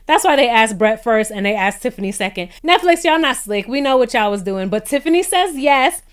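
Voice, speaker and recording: A young woman casually recapping a reality show, chatty and animated, laughing often and jumping into higher-pitched voices for her reactions. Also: brisk, smooth.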